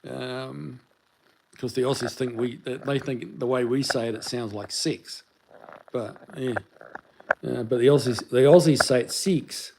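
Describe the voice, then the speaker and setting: Brief: New Zealand-accented man, livestream host, easygoing rambling delivery, mid pitch. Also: a little slow, vocal fry, background noise. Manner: rambling, relaxed, many fillers and restarts. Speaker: livestream host answering chat. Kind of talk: casual livestream chat.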